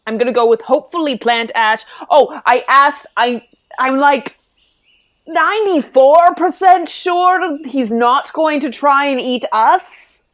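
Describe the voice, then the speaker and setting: A woman's voice: high-pitched, slow pace. Giggly rambling woman player. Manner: rambling, giggly, self-interrupting. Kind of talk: tabletop role-play chat.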